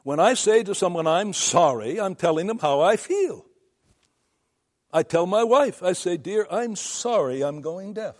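An older man, a pastor, delivering a seminary lecture in an earnest, emphatic preaching style with long deliberate pauses. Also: high voice.

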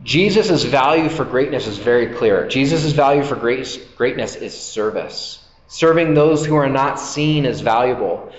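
A man's voice: medium pitch, expressive, a little slow, hardly any pauses. A man preaching a sermon as a pastor, talking in a loose, conversational way and acting out the voices of the people in his stories. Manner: conversational, acts out quoted voices. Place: church hall. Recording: echoey hall, slightly dull sound.

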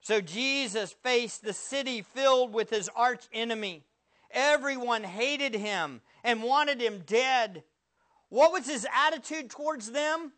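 A male pastor preaching a sermon, firing rhetorical questions at the congregation and swinging from loud bursts to hushed words. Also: sits high.

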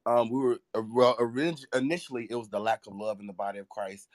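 A man's voice: medium pitch, fast. A man hosting a faith talk show, speaking with emotion and a preacher's repetition. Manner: emotional, preacherly, repeats phrases for emphasis. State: tearful at times. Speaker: podcast host.

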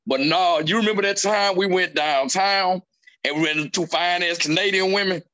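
A male stand-up comedian in casual chat, telling animated stories and acting out what people said. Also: high-pitched, normal speed. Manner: animated storyteller acting out quotes.

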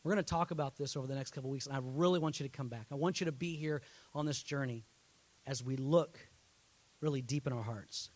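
A man preaching a sermon as pastor, telling a story that swells into loud, impassioned peaks. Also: medium pitch, fast talker.

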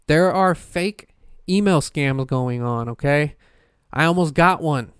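A man's voice: on the high side, slow pace, clear, resonant tone, dry recording, clean studio sound. Rambling, foul-mouthed male podcaster. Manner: rambling, profane, frequent fillers and restarts. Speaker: podcast host. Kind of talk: casual solo podcast chat.

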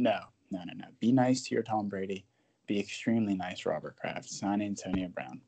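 A man co-hosting a sports podcast, talking in a joking, animated way and sometimes dropping to a whisper. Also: lowish voice, moderate pace. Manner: animated, jokey, drops to a whisper at times. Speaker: podcast co-host. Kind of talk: casual sports podcast chat.

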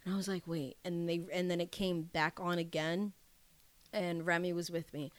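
A woman's voice: fairly low pitch, little pitch movement, normal speed. A woman co-hosting a podcast, chatting casually in a rambling way with frequent restarts and swearing. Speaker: podcast co-host. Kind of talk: casual chat.

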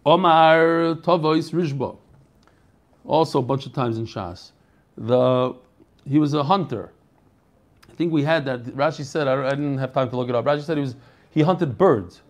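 A man's voice: mid-range voice, moderate pace, long pauses. An American man giving a Talmud class, reading the Aramaic text in a singsong and then explaining it in casual English with chatty asides to his students. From United States. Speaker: Talmud teacher.

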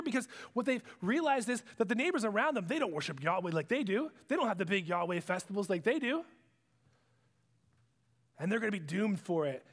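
A male preacher telling a Bible story as a sermon, with dramatic swings between hushed lows and excited highs. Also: long reverb tail.

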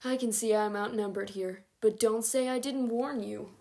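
A woman's voice: a little high, steady tone, moderate pace, vocal fry, mellow. A woman voicing a grumbling but good-natured grown man in a read-aloud storybook. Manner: grumbling, teasing. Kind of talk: audiobook character reading.

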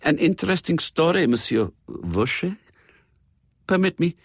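An imperious older countess, played by a man reading aloud, speaks sharply and high. The tone is commanding, the voice husky and dry. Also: sing-song, a little slow, no echo, full character voice.

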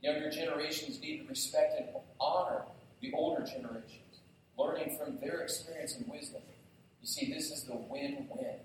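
A man preaching a sermon in a church, with a voice pitched a little high. He tells lively stories and keeps turning to the congregation with questions. The sound is heavily echoey and picked up from a distance. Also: normal speed, slight background noise. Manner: lively storytelling, addresses the congregation directly. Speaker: pastor. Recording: very echoey hall, distant mic.

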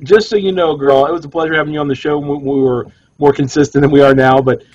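A man co-hosting a casual cigar podcast, a jokey storyteller whose pitch leaps up when he quotes himself. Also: fairly even intonation, quick pace, a little mellow, muffled recording, a little hiss or hum. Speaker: cigar shop owner and podcast co-host.

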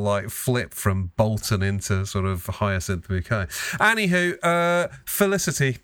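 A man's voice: mid-range voice, animated, normal speed, hardly any pauses, fairly bright tone, dry recording. A man hosting a casual podcast chat, joking and swearing freely. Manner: sweary, self-mocking. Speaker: podcast host.

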